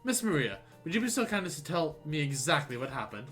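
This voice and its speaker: A man voicing a pompous, gallant gentleman inspector who speaks in grand, old-fashioned phrases, reading game dialogue aloud. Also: a little high, very animated, quick pace, soft background music. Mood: grandiose.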